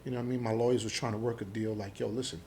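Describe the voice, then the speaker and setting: A middle-aged man from Jamaica, telling his story as a podcast guest in an animated, profane way, acting out the dialogue. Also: on the low side, rapid-fire, a little hiss or hum. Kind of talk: casual storytelling interview.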